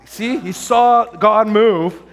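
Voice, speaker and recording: A man preaches to a congregation with a fairly high voice. He tells stories with lots of excitement and often breaks off mid-sentence to start over. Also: takes it slowly. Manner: excited, storytelling, many restarts and fillers. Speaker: pastor. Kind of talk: sermon.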